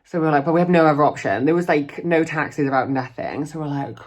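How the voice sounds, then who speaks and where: A man's voice: on the high side, fast, hardly any pauses, a little hiss or hum. Chatty drag queen telling a story. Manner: chatty, filler-heavy, acts out quoted lines. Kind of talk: storytime vlog.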